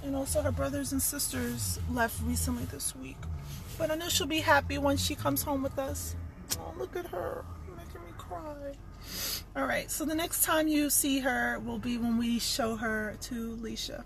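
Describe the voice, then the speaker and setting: Young woman vlogger, high voice, bubbly and chatty. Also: steady tone, moderate pace, vocal fry. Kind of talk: casual vlog narration.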